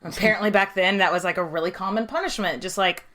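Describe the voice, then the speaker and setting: A woman's voice: mid-range voice, quick pace, background noise. A woman co-hosting a podcast, adding wry, sarcastic commentary to a history story. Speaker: podcast co-host. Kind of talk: casual chat.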